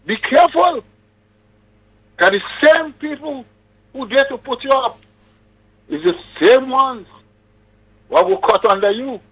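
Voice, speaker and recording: Emphatic high-voiced male caller. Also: lively intonation, measured pace, pauses often, a bit bright, slightly rough, rough recording. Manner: emphatic, preachy warnings. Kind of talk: casual call-in chat.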